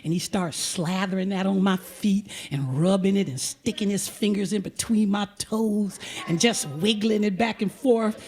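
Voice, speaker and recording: A woman hosting and telling a comic personal story live on stage at a museum auditorium, animated and full of breathless asides. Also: mid-range voice, moderate pace, few pauses, husky. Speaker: storyteller and host.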